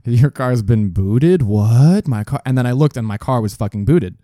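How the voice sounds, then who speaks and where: A man's voice: medium pitch, expressive, moderate pace, mellow, no room sound, studio quality. A man casually telling a rambling story on a podcast, swearing freely and correcting himself as he goes. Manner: rambling, profane, self-correcting. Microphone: studio desk mic.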